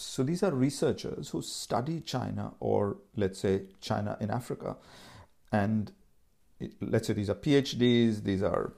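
A man's voice: mid-range voice, creaky, darkish tone. A man hosting a podcast, reading a book passage aloud and then chatting in a rambling, thinking-aloud way. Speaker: podcast host.

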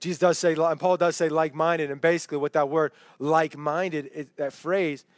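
High-voiced man preaching conversationally. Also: steady tone, fairly quick, no echo. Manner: conversational preaching, checks in with "okay?"; acts out quoted voices for emphasis. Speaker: Bible study teacher. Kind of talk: sermon. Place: home, over an online meeting.

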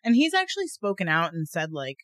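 A woman co-hosting a podcast in casual chat, talkative and quick to laugh, with lots of fillers. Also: lowish voice, wildly swooping pitch, no echo. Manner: chatty, laughs often, many fillers. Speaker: podcast co-host.

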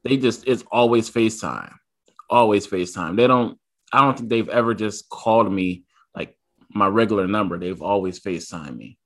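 A man's voice: on the low side, normal speed, a bit bright. A man in his thirties, a podcast co-host, telling a family story in casual chat and acting out his son's lines.

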